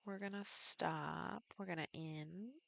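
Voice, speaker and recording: Slow, chatty woman streamer. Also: fairly low pitch, vocal fry, slight background noise. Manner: chatty, thinking aloud, greeting viewers, giggly. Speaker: live streamer. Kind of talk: casual chat while streaming a farming game.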